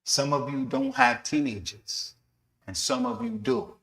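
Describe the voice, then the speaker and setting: This man's voice sits at medium pitch with a fairly bright tone, and he takes his time. He's giving a sermon-style lesson in a mosque prayer hall, bringing a story to life by voicing its people, and the hall's echo carries through the recording.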